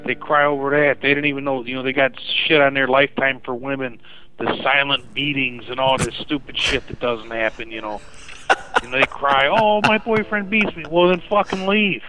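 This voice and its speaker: A man's voice: mid-range voice, flat delivery, fairly quick, pushed and bright, rough recording. A man leaving a rambling, profane voicemail rant, saying "you know" again and again. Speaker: voicemail caller. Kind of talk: crude ranting.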